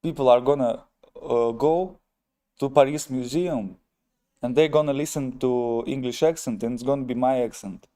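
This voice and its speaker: A man with a Russian accent, a native Russian speaker, chatting on his live stream in a wry, self-mocking way and calling his viewers "ladies and gentlemen". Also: medium pitch, moderate pace. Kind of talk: casual live-stream chat, reading viewer comments.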